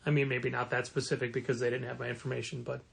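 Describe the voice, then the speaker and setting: A man co-hosting a comic shop podcast in casual chat, animated and acting out quoted lines in a raised voice. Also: mid-range voice, fast talker, vocal fry.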